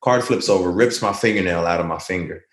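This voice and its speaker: A man's voice: deep voice, a little fast, roomy sound. A man speaking as an interview guest, earnest and reflective, telling stories in a conversational way.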